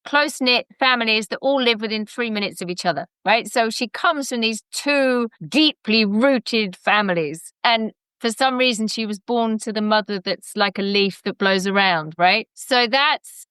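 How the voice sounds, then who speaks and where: A woman's voice: a little high, pushed and bright, clean tone, no room sound. A middle-aged woman with a London accent, a podcast guest who talks in a chatty, reflective way with frequent restarts. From England. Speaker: guest, education center founder. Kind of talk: casual podcast interview.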